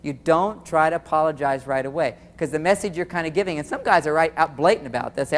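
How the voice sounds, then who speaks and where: Animated man lecturing in a reverberant hall. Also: a little high, quick pace, few pauses, some chatter behind, slight background noise. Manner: animated, acts out quoted dialogue, addresses audience directly. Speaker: relationship seminar speaker. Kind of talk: live seminar lecture.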